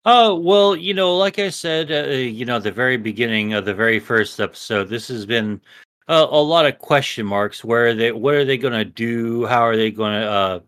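A man co-hosting a casual podcast, rambling and swearing a lot, a little high as he talks. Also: normal speed, a bit bright, clear, resonant tone. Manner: rambling, profane, restarts a lot. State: a bit high. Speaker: podcast co-host. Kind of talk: casual chat.

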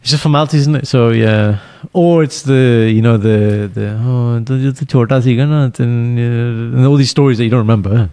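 A young man co-hosting a podcast, chatting casually, animated and laughing often, dropping Punjabi phrases in. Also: mid-range voice, normal speed, few pauses, clear, resonant tone, no echo. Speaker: podcast co-host. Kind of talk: casual chat.

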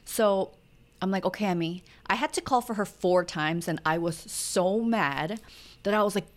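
A woman's voice: medium pitch, moderate pace. Candid chatty mother telling stories. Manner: candid, chatty storytelling with acted-out quotes. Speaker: podcast co-host. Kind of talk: casual chat.

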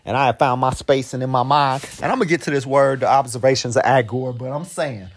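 Man, casual monologue, profane street slang, slow drawl with quick bursts, middle pitch, dry close sound. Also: no echo. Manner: profane, loose street slang with constant filler asides; drawls slowly, then bursts into fast heated storytelling. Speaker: host.

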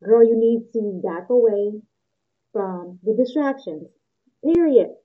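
A woman hosting a motivational podcast, energetic and excitable, talking straight to her listeners. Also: medium pitch, slow pace, slightly rough. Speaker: podcast host. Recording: tinny phone-like sound.

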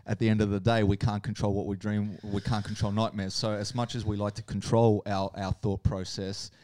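A man hosting an interview, responding to his guest in a reflective, calm way. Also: on the low side, a little fast, dry recording, studio quality. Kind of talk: conversational interview.

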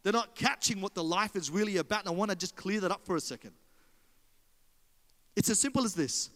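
Australian male pastor, animated sermon delivery, higher voice, long reverb. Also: a little fast. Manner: animated storyteller, addresses congregation.

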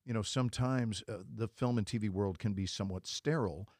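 A man in his sixties, an actor and inspirational speaker, telling stories in an animated way as an interview guest. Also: lowish voice, a little fast, dry recording, studio quality. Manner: animated storyteller who slips into voices. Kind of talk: casual interview chat.

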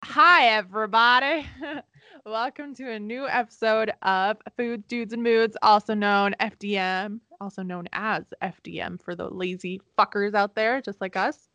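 A woman's voice: mid-range voice, steady tone, measured pace, fairly bright tone, no room sound, faint music behind. A young woman co-hosting a podcast in casual chat, laid-back and giggly, swearing casually. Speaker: podcast co-host.

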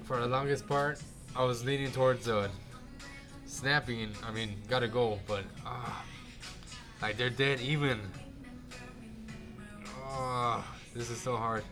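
Slow-talking man chatting with music behind. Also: medium pitch, fairly even intonation. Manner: slow, laughs often, fan-like enthusiasm. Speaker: podcast co-host. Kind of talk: casual chat. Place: restaurant.

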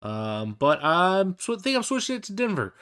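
A young man co-hosts a laid-back football podcast, his voice bright and forward with a smooth, crisp tone. He rambles a little and restarts his sentences as he thinks aloud. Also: high voice, sing-song, moderate pace. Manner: rambling, hesitant restarts and fillers. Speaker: podcast co-host. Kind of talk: casual sports podcast chat.

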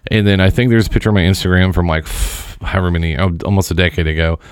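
A man's voice: deep voice, fast talker, clean tone, no echo. A man from Indiana telling stories in a casual chat, dry and matter-of-fact.

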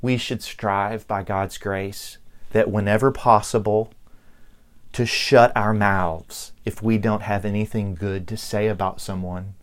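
A middle-aged Southern man preaching from the pulpit, with a voice pitched a little low. He takes his time, leaning on words and pausing for weight. His drawl softens every line. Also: little pitch movement. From Southern United States. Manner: slow, deliberate preaching with emphatic pauses. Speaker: pastor. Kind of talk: sermon.

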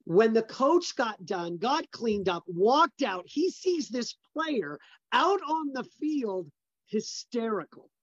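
A forceful, emphatic man retells his own story as an interview guest, doubling up words to hammer a point. The sound is dry and close, with a slightly dull, muffled top end. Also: very high-pitched, very animated, slow, no echo. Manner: emphatic, repeats words for stress. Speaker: business founder guest.

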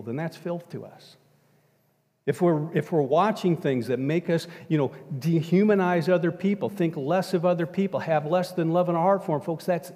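A man's voice: on the high side, warm tone. A middle-aged man preaching a sermon as pastor, emphatic and repeating "folks" as he addresses the congregation. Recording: long hall reverb.

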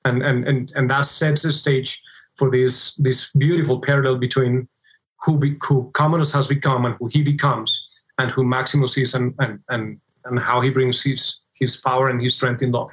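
A man's voice: medium pitch, little pitch movement, normal speed, low-quality recording. Male co-host, medium voice, thoughtful, builds an argument step by step, casual podcast chat. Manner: thoughtful, builds points with "right?" checks. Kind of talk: casual faith-based film discussion.

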